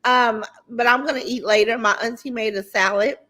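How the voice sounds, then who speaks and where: A woman hosting a casual livestream, greeting viewers by name and chatting in a lively, talkative way with features, swearing now and then. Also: fairly high pitch, normal speed. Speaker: livestream host.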